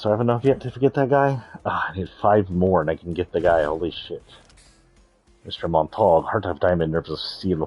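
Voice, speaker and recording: A man's voice: low voice, a little mellow, no room sound, highs cut off. A man giving casual, rambling gameplay commentary, thinking aloud and correcting himself as he goes. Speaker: streamer.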